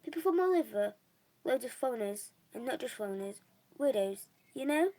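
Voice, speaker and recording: A woman voicing a blunt, suspicious male campsite owner who asks gruff questions. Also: fairly high pitch, lively intonation, moderate pace, warm tone, natural voice.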